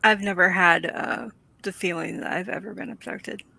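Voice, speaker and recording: A woman with a bright, crisp voice chatting casually with a friend. She tells expressive stories and laughs at her own punchlines. The sound is close and dry, with no room around her. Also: fairly low pitch, normal speed, no room sound. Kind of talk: casual chat.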